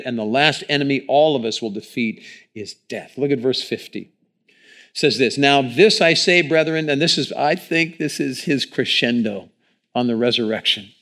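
A man preaching a sermon in church, talking into a microphone and swinging between hushed lines and loud ones. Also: medium pitch. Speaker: pastor.

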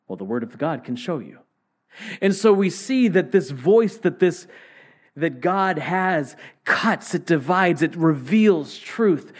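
A man preaching a sermon, swinging between loud exclamations and hushed whispers. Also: a little high.

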